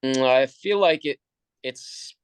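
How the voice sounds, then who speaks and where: A man's voice: mid-range voice, slow, clear, resonant tone, dry recording. A man being coached on a video call, answering hesitantly with stammering restarts. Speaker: group member being coached. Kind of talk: casual conversation on a video call.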